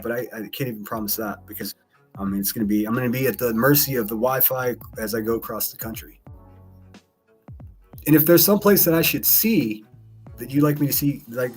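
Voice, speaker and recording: A man's voice: medium pitch, a little mellow, slightly rough. A man hosting a casual live stream, reading chat aloud and commenting in a blunt, profane, mocking way. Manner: reads chat messages aloud. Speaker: live-stream host reacting to clips.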